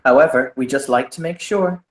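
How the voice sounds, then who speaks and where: A man's voice: medium pitch, fairly quick, slight background noise, close to an everyday voice. A man voicing a towering, stone-faced male boggin barman in a tabletop game, speaking in a dry, stuffy, formal way. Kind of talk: tabletop role-play. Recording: roomy echo.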